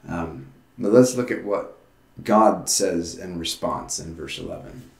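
A man's voice: on the low side, lively intonation, unhurried, darkish tone. Earnest preaching man in an echoey room. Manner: conversational, earnest preaching with frequent restarts. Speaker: pastor. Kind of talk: sermon. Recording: roomy echo.

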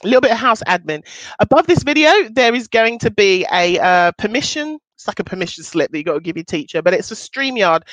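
A woman's voice: expressive, fairly quick, fairly bright tone, no echo, rough recording. A woman in her thirties, a business coach hosting a casual weekly livestream, talking chattily and upbeat to her viewers. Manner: chatty and upbeat, swoops up in pitch for emphasis.

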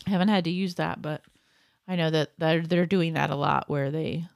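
A middle-aged woman co-hosting a podcast, chatty and quick to laugh, often correcting herself mid-sentence. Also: low-pitched, steady tone, gravelly, dry recording, clean studio sound. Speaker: podcast co-host. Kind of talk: casual chat.

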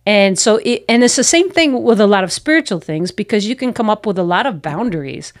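A woman's voice: medium pitch, animated, fairly quick, no room sound, studio quality. Earnest woman pastor telling stories. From United States. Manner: earnest, reflective, acts out her own past self-talk. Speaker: missionary pastor. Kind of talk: personal storytelling in an interview.

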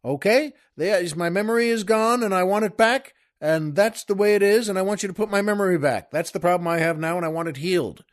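A man voicing a stubborn lawyer who insists loudly and stumbles over his words in anger. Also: high-pitched, brisk, few pauses, lightly acted. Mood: demanding.

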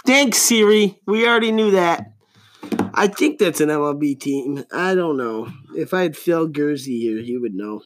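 A man's voice: a little high, animated, normal speed, noisy background. A man in his thirties hosting a solo podcast, rambling casually with lots of profanity and jokes. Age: 30s. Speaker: podcast host.

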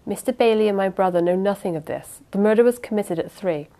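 Woman reading as a composed young niece, halting. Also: mid-range voice, close to an everyday voice. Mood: earnest. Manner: even, halting with small restarts.

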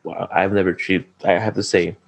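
Deep-voiced man telling rambling stories. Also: flat delivery, normal speed, creaky, husky. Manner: rambling, profane storytelling with acted-out quotes. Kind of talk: casual chat.

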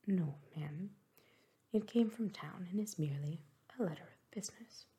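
A woman voicing a reserved, formal gentleman colonel in a whispered role-play reading. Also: on the low side, moderate pace, lightly acted. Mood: grave.

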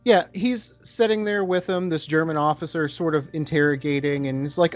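A man's voice: fairly high pitch, normal speed, soft background music. A man hosting a casual podcast chat, talking loosely with many filler words while reviewing a beer. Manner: laid-back, lots of filler words.

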